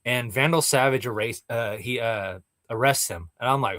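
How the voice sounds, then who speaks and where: A man's voice: medium pitch, normal speed, few pauses, a bit bright, no echo. Chill podcast guy, mid voice, laughs a lot, says dude, dry room. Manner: laid-back, laughs often, says dude. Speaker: podcast co-host. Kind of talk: casual chat.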